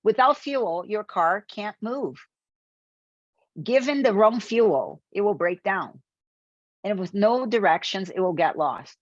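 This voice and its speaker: A woman's voice: sits low, dry recording, muffled recording. A woman from Brazil giving a motivational sales webinar, talking straight to her audience with rhetorical questions. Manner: animated, addresses audience directly, rhetorical questions. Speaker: webinar presenter.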